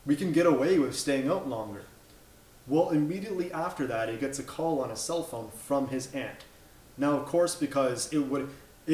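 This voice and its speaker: Man, 30s, movie review rant, exasperated, blunt, stumbling restarts, mid-pitched, echoey room. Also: darkish tone, slight background noise. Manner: exasperated, blunt, swears, trips over words.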